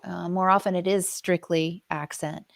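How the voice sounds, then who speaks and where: A woman's voice: lowish voice, steady tone, moderate pace, vocal fry, dry recording, studio quality. A woman co-hosting a casual podcast, explaining ideas in a thoughtful, careful way. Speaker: co-host, dialect coach.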